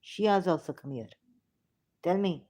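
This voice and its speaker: Lowish woman voice, slow halting solo talk reading verses, sometimes almost whispering. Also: dark tone. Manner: halting, reads verses slowly aloud, drops to near-whispers.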